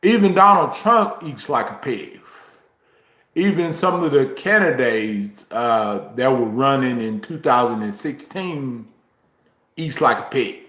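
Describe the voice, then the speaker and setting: A man with a drawl talks slowly and unhurriedly in a casual livestream chat, rambling from point to point. His mid-pitched voice comes through a phone mic and has a roomy echo around it. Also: fairly bright tone. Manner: slow, drawn-out, rambling talk with frequent ums. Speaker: YouTuber streaming a chat. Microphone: phone, recorded while walking.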